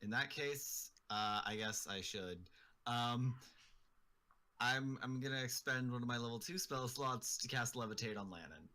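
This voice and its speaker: A man's voice: mid-range voice, a little slow, pushed and bright. A man playing a tabletop game, speaking hesitantly with many ums. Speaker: player. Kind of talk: casual tabletop play.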